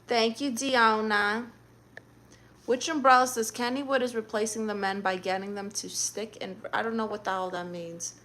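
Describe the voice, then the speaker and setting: A woman's voice: mid-range voice, fairly even intonation, moderate pace, fairly bright tone. A young adult woman hosting a livestream, reading chat messages aloud and answering with sassy, teasing comebacks.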